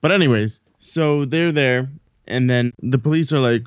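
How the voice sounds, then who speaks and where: A man chatting casually on a podcast, retelling a film in a loose, rambling way and putting on the characters' lines as he goes. His voice sits at an ordinary middle pitch. The recording is dry and a little dull, as if it went through a lo-fi chain. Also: normal speed, clear, resonant tone, no echo. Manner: rambling, swears casually, acts out dialogue. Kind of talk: casual movie recap chat.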